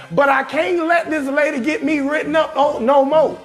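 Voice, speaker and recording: A man comedian hosting his show, telling a profane comic story in a loud, emphatic way and often shouting his punchlines. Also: extremely high pitch, steady tone, moderate pace, hardly any pauses, soft background music. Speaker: comedian host.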